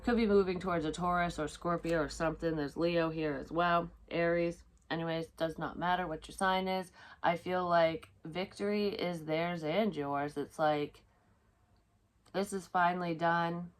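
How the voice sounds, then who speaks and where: A woman's voice: lowish voice, steady tone, moderate pace. A woman giving a casual, profane tarot reading to the viewer while doing her makeup, rambling as she goes. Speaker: psychic tarot reader.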